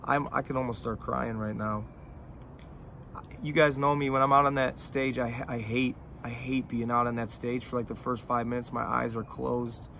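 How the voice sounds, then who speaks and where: A middle-aged man speaking straight to his fans with raw emotion, swearing freely and stumbling over restarts as his feelings catch up with him. His voice sits at an ordinary middle pitch for a man. A faint hiss of noise runs behind him. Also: level tone, creaky, fairly bright tone. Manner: emotional, profane, halting with many restarts. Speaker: independent rapper talking to fans. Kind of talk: heartfelt, rambling direct-to-camera talk.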